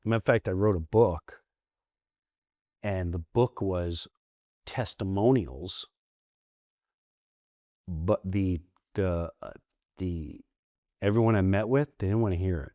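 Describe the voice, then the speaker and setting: Comedian guy in his middle years telling stories, kinda low voice, no room echo, throws in impressions. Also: slow pace, long pauses, clean studio sound. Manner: animated, acts out quoted voices, restarts often. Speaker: comedian guest. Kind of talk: candid storytelling interview.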